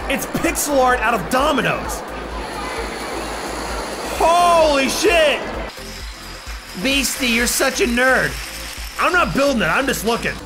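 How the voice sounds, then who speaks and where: A young man joking through casual gaming commentary who keeps bursting into excited shouts. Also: very high voice, slow, long pauses, music in the background. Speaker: YouTuber.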